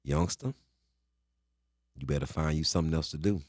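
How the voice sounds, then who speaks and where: A man's voice: extremely low pitch, moderate pace, darkish tone, no echo, studio quality, pitched below the performer's own voice. A man voicing a stern old male prisoner who curtly brushes people off. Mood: dismissive. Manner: gruff, curt brush-off. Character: stern old male lifer, grumpy and dismissive.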